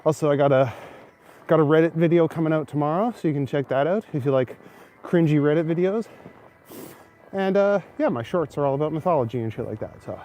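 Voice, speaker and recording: Walking through a snowy city at night, a young man from Canada livestreams casually, chatting and responding to viewer comments on a handheld phone camera. His voice is fairly high, brisk, and mellow, and there is slight background noise.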